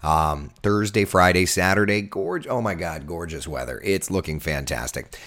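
A man with a hoarse, recovering voice, hosting a casual live weather chat and reading out viewer comments. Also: deep voice, animated, moderate pace, fairly bright tone. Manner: chatty, jokey, reads out viewer comments.

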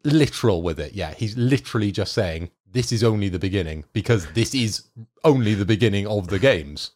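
A low-voiced man chatting on a gaming podcast. He weighs his opinions thoughtfully, and his pitch moves a lot as he talks. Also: lively intonation, fairly quick, darkish tone. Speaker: podcast co-host. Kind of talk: casual gaming podcast chat.

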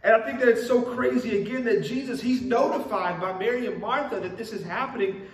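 A man's voice: very high voice, fairly quick. A young man preaching a sermon as pastor, earnest and repeating key phrases for emphasis. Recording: echoey room, mic at a distance.

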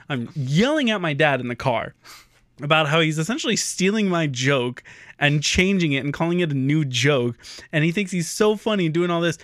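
Guy on a podcast swearing through a funny story, bright voice, totally dry sound. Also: fairly high pitch, no echo. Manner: profane, animated storytelling with laughs. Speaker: podcast co-host. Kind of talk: casual storytelling chat.

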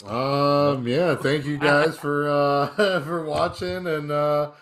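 A man co-hosts a podcast and closes out the show in casual chat. He sounds upbeat but hesitant, pausing often and filling the gaps with ums. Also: on the high side, fairly even intonation, fairly bright tone. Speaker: podcast co-host.

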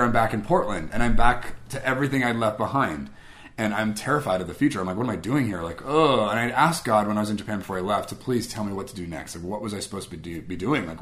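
A man's voice: on the low side, fairly bright tone. A man from Guam telling a personal faith story in a casual, conversational way, often acting out what people said. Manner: conversational, acts out quoted dialogue, frequent "like" and "I was like". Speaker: speaker sharing a personal testimony.

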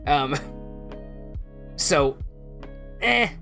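A man's voice: on the high side, lively intonation, very slow, vocal fry, sharp tone, faint music behind. A man hosting a casual podcast, chatting and laughing often between his lines. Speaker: podcast host. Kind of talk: casual chat.

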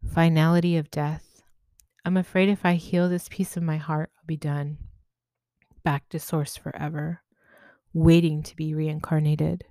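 A woman's voice: deep voice, little pitch movement, measured pace, mellow, no echo. A woman voicing a young woman spirit who is thoughtful, hesitant and fearful. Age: young adult.

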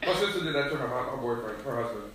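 A man's voice: medium pitch, animated, quick pace, a bit bright, a little hiss or hum. A young man, a podcast guest, joking in a casual chat and laughing often. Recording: very echoey room, mic far off, crowd behind.

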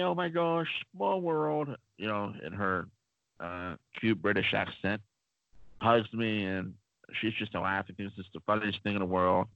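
A man with a lowish voice tells long, wandering stories on a casual podcast, filling pauses with plenty of ums and uhs. The sound is dull and lo-fi, close and dry with no room around it. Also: no echo. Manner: rambling, chatty, many fillers. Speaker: podcast co-host.

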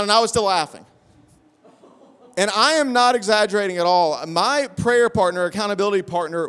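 High-pitched guy preaching, animated funny story, lots of hall reverb. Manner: animated storyteller, self-deprecating. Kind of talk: sermon with a humorous story.

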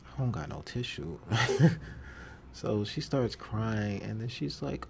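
A man with a low, deep voice hosts a podcast in a loose, casual monologue about his old jobs. He acts out the people he quotes in lively voices and laughs often. Faint noise hangs behind him. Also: unhurried, vocal fry. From New York City. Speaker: podcast host.

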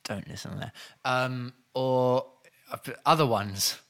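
A man co-hosting a casual comedy podcast, reacting with bemused, halting remarks. His voice is bright and mid-pitched. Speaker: podcast co-host.

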